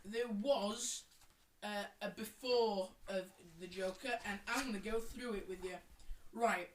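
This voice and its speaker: A woman co-hosting a podcast in chaotic casual chat, rambling and giggly with loud silly outbursts. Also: mid-range voice, fairly even intonation, measured pace. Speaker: podcast co-host. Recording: echoey room, distant mic, faint noise.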